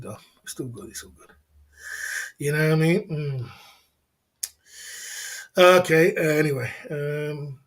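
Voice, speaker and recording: A man hosts a casual livestream, chuckling through loose, slangy banter aimed at his viewers. His voice sits a little higher than most men's, and he circles back over the same phrases again and again. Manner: laughing, repetitive, slangy banter. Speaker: livestream host.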